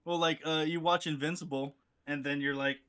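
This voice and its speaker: A man co-hosting a casual chat, easygoing and quick to laugh along. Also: on the high side, steady tone, pushed and bright, clear, resonant tone. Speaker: podcast co-host.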